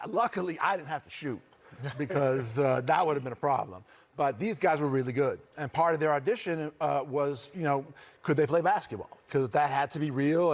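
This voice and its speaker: A man in his forties from the Boston area talks in a relaxed, rambling way, full of fillers and restarts. His voice sits a little above the usual male range. It comes across as easygoing conversation with sports hosts. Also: on the high side. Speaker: guest actor. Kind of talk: casual chat.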